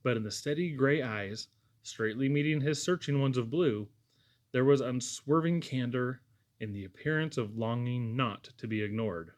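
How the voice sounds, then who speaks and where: A man narrating a classic novel chapter as an audiobook reader, in a measured, expressive reading. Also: mid-range voice. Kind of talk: scripted narration.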